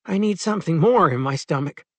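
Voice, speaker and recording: A man reading an audiobook and voicing a young woman with a rueful, self-mocking manner and a raised pitch. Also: lively intonation, brisk, no room sound. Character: young woman, embarrassed, later defensive.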